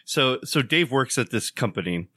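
A man's voice: lively intonation, moderate pace, pushed and bright, husky, dry recording, studio quality. A man co-hosting a podcast, telling a long joke in a rambling casual way and acting out the characters. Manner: rambling storyteller, acts out the characters with jumps in pitch. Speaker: podcast co-host.

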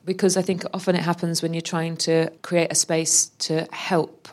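A woman's voice: low voice, little pitch movement, moderate pace, darkish tone. A woman hosting a live podcast, asking probing conversational questions. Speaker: host.

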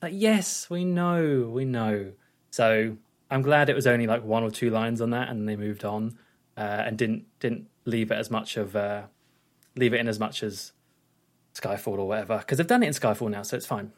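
A man co-hosting a casual film podcast, who gives animated, emphatic opinions with many fillers. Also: on the low side, moderate pace. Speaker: podcast co-host.

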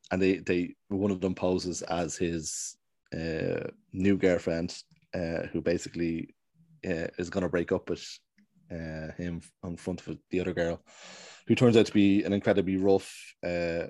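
A man's voice: low voice, warm tone, dry recording. A man casually recapping a TV show's plot, rambling and hesitant as he tells it. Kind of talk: casual chat recapping a TV show.

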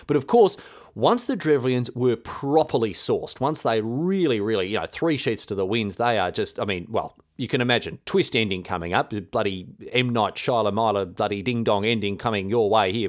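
A man hosting a podcast, telling a history story in an irreverent, rambling, slang-filled way. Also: fairly low pitch. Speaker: podcast host.

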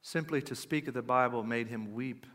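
A man's voice: medium pitch, moderate pace, fairly bright tone, big-room sound. A man giving an earnest talk on faith, moving between plain conversational asides and emphatic readings of old quotations. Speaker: podcast speaker.

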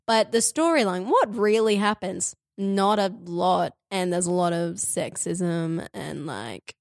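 A woman's voice: lowish voice, lively intonation, slow pace, vocal fry, no echo, studio quality. A woman co-hosting a casual chat and retelling a story, giggly and rambling with lots of fillers. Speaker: podcast co-host.

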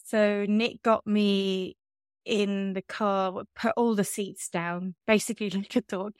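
A woman's voice: mid-range voice, fairly even intonation, unhurried, clean tone, dry recording, clean studio sound. A woman, telling a personal story on a podcast in a candid, self-mocking way. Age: 30s. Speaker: podcast host. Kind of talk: casual chat.

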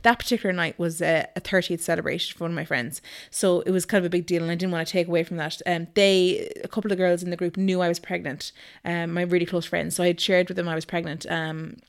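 A woman's voice: on the low side, smooth. Chatty woman telling her story. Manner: chatty, animated, frequent ums and likes. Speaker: guest. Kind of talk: casual storytelling interview.

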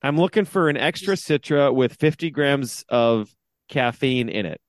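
A man, a father of two, co-hosting a casual podcast, rambling and joking with restarts as he pitches ideas. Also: expressive, moderate pace, dry recording, clean studio sound. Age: adult, father of two. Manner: rambling, joking, self-interrupting. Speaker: podcast co-host. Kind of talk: casual sports podcast banter.

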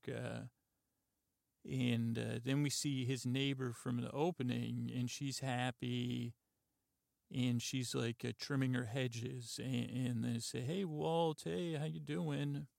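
A man hosting a podcast, softly retelling a TV episode in a halting, meandering way full of "uh" and "like". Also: mid-range voice, vocal fry, no room sound, clean studio sound. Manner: halting, lots of "uh" and "like", quiet and meandering. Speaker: podcast host. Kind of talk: rambling sleepy retelling of a TV episode.

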